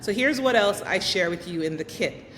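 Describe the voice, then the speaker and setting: A middle-aged woman hosts her vlog in a friendly, chatty way, often stopping to ask the viewer a question. Her voice sits at an ordinary middle pitch. It is recorded with a long reverb tail and a faint rumble underneath. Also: animated, moderate pace, fairly bright tone. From United States. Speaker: vlog host. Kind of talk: casual advice talk to camera.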